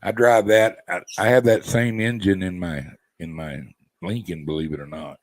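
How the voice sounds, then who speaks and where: A man's voice: sits low, fairly even intonation, moderate pace, poor audio. A man chatting casually with viewers on a live stream, easygoing and rambling. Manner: easygoing, rambling, laid-back.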